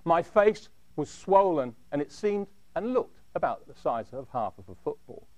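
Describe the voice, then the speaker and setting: A man telling a dramatic first-person story in a measured way, dropping low at the end of his phrases. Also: big pitch swings, darkish tone, no room sound.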